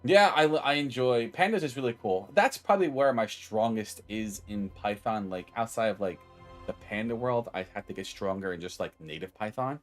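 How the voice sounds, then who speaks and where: A man's voice: lowish voice, normal speed, soft background music. A man streaming casually, rambling cheerfully, greeting viewers by name and joking at his own expense. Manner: self-deprecating, loses his train of thought. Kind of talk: casual live-stream chat.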